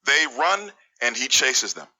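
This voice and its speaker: A man's voice: medium pitch, very animated, creaky, bright, forceful tone, low-quality recording. A man teaching a verse word by word, blunt and scornful toward those he sees as wrong. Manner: blunt, scornful, deliberate spelling-out of words. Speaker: Bible language teacher. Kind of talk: scripted Hebrew word-by-word lesson.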